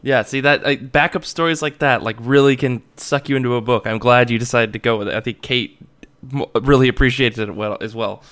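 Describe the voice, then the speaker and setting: A male podcast host with a mid-pitched voice who talks in an easygoing, casual way. His questions wander a little before they land. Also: fairly even intonation, a little fast, a bit bright.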